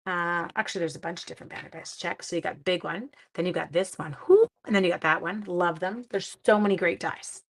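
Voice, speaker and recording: A woman's voice: on the low side, a little fast, few pauses. A woman chatting her way through a live-stream card-making demo, self-mocking and talking to herself as she works. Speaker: seventh-grade teacher.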